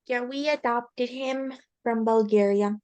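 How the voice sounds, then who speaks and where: A woman's voice: a little high, fairly even intonation, a little slow, a little mellow, smooth, no room sound. A teenage girl, a student in an online tutoring session, talking hesitantly and searching for her words.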